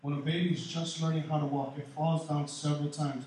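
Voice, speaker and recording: A man preaching a sermon as pastor, animated, swinging between loud and soft. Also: fairly high pitch, brisk, slight background noise. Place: large church hall. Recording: echoey hall, mic far off.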